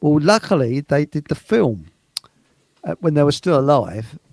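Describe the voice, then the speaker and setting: Male host, gravelly, raised pitch, loose chatty delivery, dry close sound. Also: very animated, normal speed, darkish tone, no room sound. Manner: chatty, laughing, searching for names. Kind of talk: casual chat.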